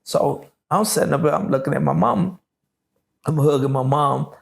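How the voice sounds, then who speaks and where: A middle-aged man telling his life story in an interview, slow and drawling with many fillers. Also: fairly high pitch, gravelly. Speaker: interview guest.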